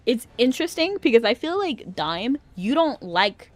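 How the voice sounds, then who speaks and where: A woman's voice: fairly high pitch, sing-song, normal speed. A young adult woman streaming a game, chatting casually, often giggling and rambling between read-out dialogue.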